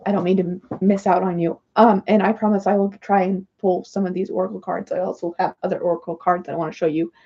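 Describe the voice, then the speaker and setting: A woman's voice: lowish voice, steady tone, fast, hardly any pauses, slightly rough, dull audio. A woman hosting a casual livestream, chatting in a rambling, apologetic way while she works through oracle cards. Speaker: livestream host doing oracle card readings.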